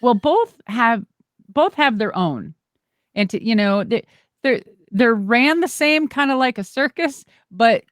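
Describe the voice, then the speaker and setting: A middle-aged woman telling stories in an interview in a lively, rambling way, acting out the voices she quotes and swearing casually. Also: fairly high pitch, dry recording, clean studio sound. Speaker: guest, former wrestler and monster truck driver.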